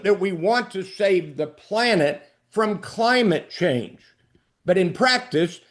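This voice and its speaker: A man with a fairly high voice presents a book briefing webinar. He works through numbered highlights in a brisk, emphatic manner, like a practiced lecturer.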